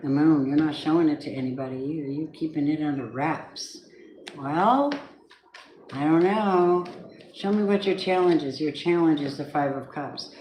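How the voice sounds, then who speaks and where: A woman's voice: low voice, dark tone, a little hiss or hum. Lady doing tarot for the signs, chatty and blunt, roomy echoey sound. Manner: chatty, blunt, emphatic, speaks straight to the viewer. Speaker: tarot reader. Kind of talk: weekly tarot reading for zodiac signs.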